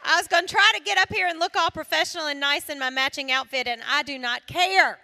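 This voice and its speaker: A woman from South Carolina with a Southern accent, giving an animated testimony talk to a live audience, laughing often and dropping from loud to hushed. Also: sits high, fast. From South Carolina, USA. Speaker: singer and speaker at a women's event.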